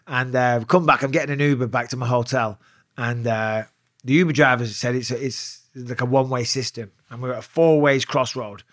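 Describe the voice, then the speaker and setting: A man's voice: mid-range voice, moderate pace, no room sound, studio quality. A man, a retired fighter, telling a wild story as a guest in a casual interview, swearing freely. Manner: profane, animated storyteller.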